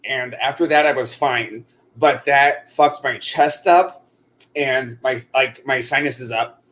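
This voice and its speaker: A man's voice: medium pitch, takes it slowly, a bit bright. A man co-hosting a casual chat while crocheting, rambling with many fillers and restarts. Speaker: co-host.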